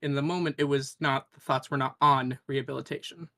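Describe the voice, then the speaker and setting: A man's voice: medium pitch, steady tone, a little fast, pushed and bright, no echo. Hesitant man, dry close sound. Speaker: player. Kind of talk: in-character tabletop role-play.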